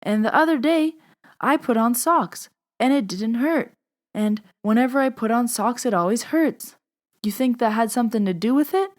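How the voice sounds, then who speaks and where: Eager, earnest old grandmother, pitched a touch higher, as a woman quotes her. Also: lively intonation, normal speed, lightly acted. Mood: earnest, curious.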